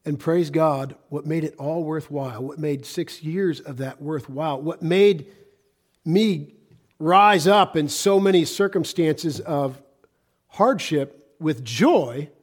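American pastor guy preaching, kinda high voice, gets loud then drops real quiet. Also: breathy edge. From United States. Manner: dramatic swings from loud emphasis to hushed tones. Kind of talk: sermon.

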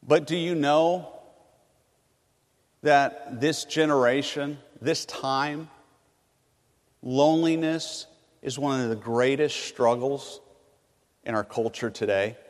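A man from California preaching a sermon, swinging between loud emphatic bursts and hushed, low phrases. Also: slow, pauses often, long reverb tail. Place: large hall on a college campus.

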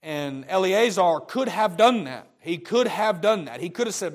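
A man's voice: high voice, animated, moderate pace. A man preaching a sermon, emphatic and repetitive, often restarting his phrases.

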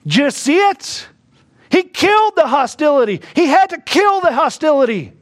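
A man preaching a sermon, moving between quiet, hushed reflection and sudden bursts of emphasis. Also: very high-pitched, sing-song. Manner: slow, reflective preaching that drops to a hush and rises to bursts of emphasis. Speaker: pastor.

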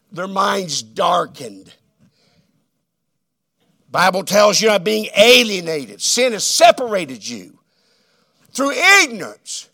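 A man preaching a sermon, swinging between loud emphatic declarations and hushed, drawn-out phrases. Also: high-pitched.

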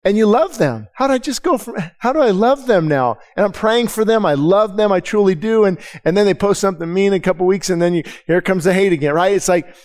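A man's voice: sits high, lively intonation, fast, hardly any pauses, darkish tone. Candid emphatic preacher man. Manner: candid, emphatic, repeats words and restarts often; asks the congregation direct questions. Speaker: pastor. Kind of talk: conversational sermon. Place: church service.

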